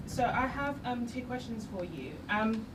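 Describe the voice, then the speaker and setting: A woman in the audience introduces her writers group and asks a question, halting often with fillers. She is heard from across the room, buried in loud background noise. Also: on the high side, lively intonation, far from the mic. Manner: hesitant, many fillers. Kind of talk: audience question at a literary event.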